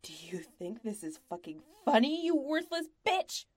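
A woman's voice: lowish voice, takes it slowly, gravelly, warm tone, heavily acted. A woman voicing a male caravan master who talks in an ingratiating, apologetic way and turns harsh when angry. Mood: furious. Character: fawning male caravan master with a nasty temper.

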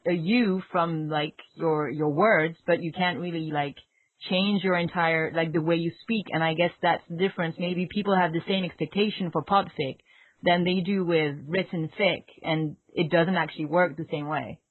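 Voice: medium pitch, fairly even intonation, normal speed, no room sound. A non-native English speaker in a casual podcast chat, talking hesitantly with lots of fillers and restarts. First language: not English. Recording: dry tinny phone-like audio.

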